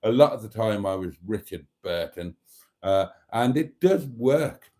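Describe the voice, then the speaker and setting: Middle-aged British male host, rambling live-stream chat, dark mellow tone, dry humour. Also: on the low side, lively intonation, measured pace. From Britain. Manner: chatty and rambling, with dry jokes and mock outrage. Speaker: livestream host reading viewer comments.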